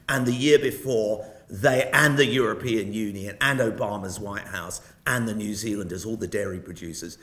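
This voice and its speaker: Older British male guest lecturer, anecdotal and self-mocking, lively delivery. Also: fairly low pitch. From Britain. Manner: wry storyteller with self-mocking jokes. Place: lecture hall. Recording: roomy hall sound.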